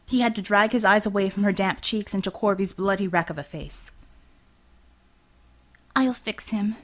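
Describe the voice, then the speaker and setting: A woman's voice: mid-range voice, brisk. Woman narrating an action audiobook. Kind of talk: scripted narration.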